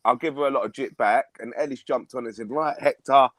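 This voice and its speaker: A man's voice: mid-range voice, racing, fairly bright tone, no room sound. A man talking casually, rambling through a story in a plain, level voice. The sound is dry and close, with no room around it. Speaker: live stream guest. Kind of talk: casual chat.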